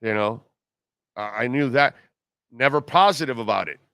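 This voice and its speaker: A man's voice: mid-range voice, normal speed, vocal fry, bright, forceful tone, clear, resonant tone, no room sound, clean studio sound. A man hosting a live sports radio show, ranting sarcastically and reading listener comments. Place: car dealership live broadcast.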